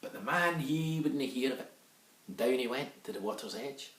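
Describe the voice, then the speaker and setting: This man, speaking with a Scottish accent, lilts through a children's folk tale in a mid-range, slightly bright voice at a moderate pace. For the characters he drops into dialect, and the echoey room leaves him a bit far from the mic.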